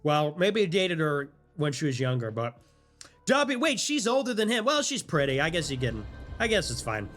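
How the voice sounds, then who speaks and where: A young man in his twenties with a high voice rants on his livestream, fast and animated, often breaking into laughs. Faint music plays behind him. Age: 20s. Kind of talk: casual stream rant.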